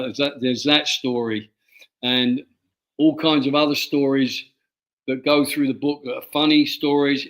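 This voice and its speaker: An older man from England, an author being interviewed, telling stories from his life with many halting restarts and repeated words. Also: medium pitch. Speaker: author guest. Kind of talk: interview storytelling.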